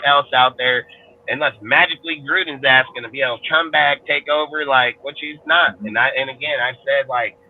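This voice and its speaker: On a fan panel show, a man with a Californian accent rants angrily about football, swearing nonstop and restarting his sentences. His voice is medium in pitch, and the phone-quality audio has slight background noise. It's a heated, profane sports rant.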